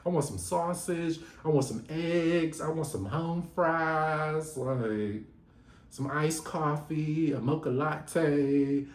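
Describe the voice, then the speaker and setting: Brief: man putting on a brash, sassy young woman, high and pushy, echoey room. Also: slow pace. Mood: indignant. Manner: brash, indignant, swearing. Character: sassy young woman reality contestant demanding breakfast.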